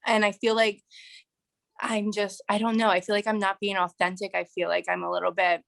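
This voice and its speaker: A woman's voice: mid-range voice, little pitch movement, brisk, creaky, a bit bright. A woman calling in on a video call to ask for advice, speaking candidly and a bit scattered. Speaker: caller. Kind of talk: asking for advice.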